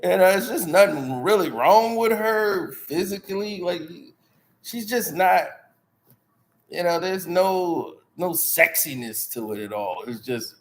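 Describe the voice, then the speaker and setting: Man, host, casual storytelling, slangy, animated, high-pitched, lively swings. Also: measured pace. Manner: animated, slangy, laughs often. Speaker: channel host.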